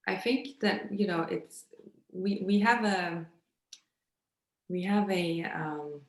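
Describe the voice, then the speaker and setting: A woman's voice: lowish voice, slow pace, echoey room. A woman guest in a casual conversation who often searches for words, with many fillers and restarts.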